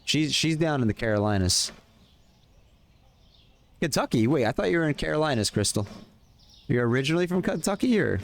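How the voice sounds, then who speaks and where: A man's voice: on the high side, very animated, brisk, creaky, pauses often. A man live-streaming a game, chatting casually with viewers and calling out in-game orders between questions to chat. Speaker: livestreamer.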